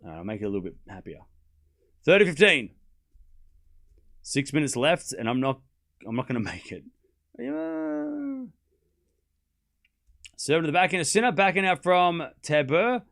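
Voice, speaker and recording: A young man hosting a live tennis watchalong, chatting excitedly with viewers and calling scores. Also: a little high, fairly quick, pauses often. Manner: chatty and excitable, laughs often, repeats phrases, calls out live scores. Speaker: livestream tennis watchalong host. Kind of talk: casual live-stream commentary chatting with viewers.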